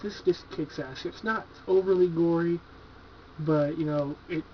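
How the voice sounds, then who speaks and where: At a measured pace, a man whose voice is on the high side with fairly even intonation chats casually about horror movies in his home collection. He's laid-back, excited, profane, and heavy on "like" and "you know." A little hiss or hum runs through the dull, lo-fi home video audio.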